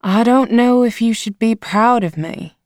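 A woman voicing a gentle, weary middle-aged mother who speaks softly and earnestly in a storybook reading. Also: a little high, unhurried, no echo, clean studio sound, voice pushed up, lightly acted.

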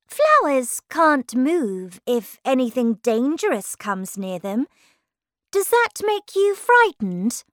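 A woman's voice: high voice, huge pitch swings, takes it slowly, a bit bright, dry recording, clean studio sound, pitched above the performer's own voice, heavily acted. A woman doing a wide-eyed, curious little girl. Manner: eager, wide-eyed and polite. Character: curious, polite young girl. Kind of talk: storybook reading.

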